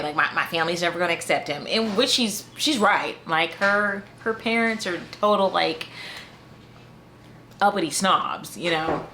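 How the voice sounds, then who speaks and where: Chatty woman with a low voice. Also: fairly bright tone, slight background noise. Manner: chatty, full of fillers and restarts. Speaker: book reviewer. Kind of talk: casual book review.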